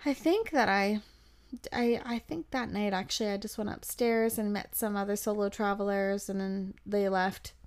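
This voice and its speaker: A woman's voice: medium pitch, moderate pace. Chatty young woman telling a travel story. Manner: chatty, animated, acts out quotes with fillers. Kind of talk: casual storytelling.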